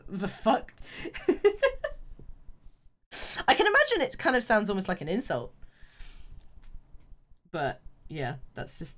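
A woman's voice: medium pitch, a bit bright. A woman from chats casually on her live stream, breaking into giggles often. Her voice sits mid-range but bounces around a lot. A lingering cough catches her now and then. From southern England. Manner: giggly, chatty, talks to her cats and chat. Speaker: game streamer.

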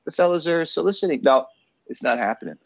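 Guy quoting a famous rock star, offhand and dismissive, pitch all over the place. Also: expressive, quick pace, highs cut off. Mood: breezy, dismissive. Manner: offhand, brushing things aside.

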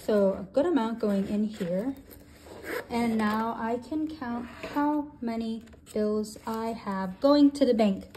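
A woman in her twenties, a budgeting channel host, counting cash aloud and thinking out loud as she sorts it. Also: on the high side, slow pace, slight background noise. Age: 20s. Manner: counts bills aloud in steady runs; thinks aloud, with soft hesitations.

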